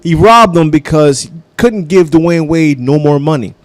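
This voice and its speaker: A man's voice: fairly high pitch, moderate pace, no room sound. A man hosting a comedy radio show, giving a casual, profane sports rant like a devoted fan.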